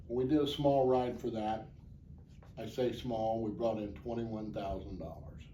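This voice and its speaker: Earnest man with a mellow voice. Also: on the low side, steady tone, unhurried, recorded from a distance. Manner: earnest, plainspoken, rambling. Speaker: charity motorcycle ride organizer. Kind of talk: interview answers. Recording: echoey, off-mic, faint background noise.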